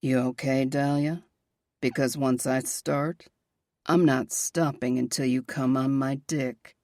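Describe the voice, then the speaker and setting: A woman voicing a possessive young man, murmuring low and intimately in a romance audiobook. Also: steady tone, takes it slowly, darkish tone, no room sound, clean studio sound, heavily acted.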